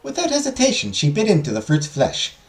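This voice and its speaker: A man's voice: high-pitched, wildly swooping pitch, a little fast, faint music behind, voice pushed up, heavily acted. A man voicing a theatrical female magical history teacher, telling a legend with a swooping, dramatic lilt. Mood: storytelling. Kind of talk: reading visual novel lines aloud.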